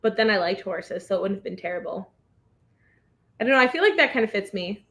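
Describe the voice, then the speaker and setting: A woman's voice: medium pitch, fairly quick, fairly bright tone. A woman hosting a casual reading livestream over a video call, chatting and laughing often.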